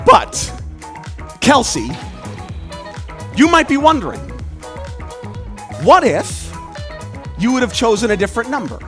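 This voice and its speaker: A man performing a mentalist show live for an audience, calling out numbers with quick, lively patter. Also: very high-pitched, soft background music. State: out of breath. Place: cruise ship show venue.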